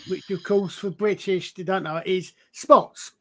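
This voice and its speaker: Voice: mid-range voice, slow. A panel guest telling a comedy story in a casual, rambling way with frequent restarts. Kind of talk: casual chat.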